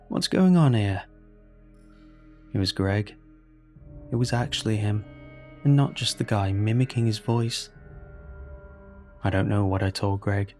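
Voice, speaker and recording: A man reading a horror story aloud in a measured, grave scripted narration. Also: fairly low pitch, a little mellow. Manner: slow, measured, grave delivery. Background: faint background music.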